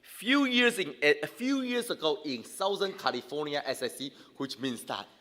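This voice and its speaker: Animated pastor preaching in a reverberant hall. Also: male voice, fairly high pitch, normal speed. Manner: animated, conversational, many fillers and restarts. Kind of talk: sermon to young people. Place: church hall.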